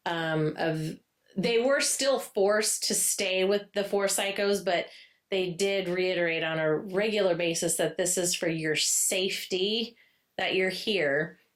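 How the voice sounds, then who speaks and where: A woman co-hosting a podcast, chatting loosely about a book, with many fillers and laughs, and now and then she acts out the characters' lines in a playful high voice. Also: takes it slowly. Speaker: podcast co-host. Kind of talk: casual book-discussion chat.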